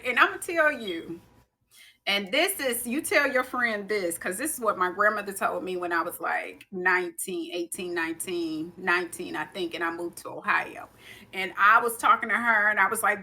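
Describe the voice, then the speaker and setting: A woman's voice: mid-range voice, pushed and bright. A woman co-hosting a podcast, telling stories in emphatic casual chat. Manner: emphatic, storytelling. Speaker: podcast co-host.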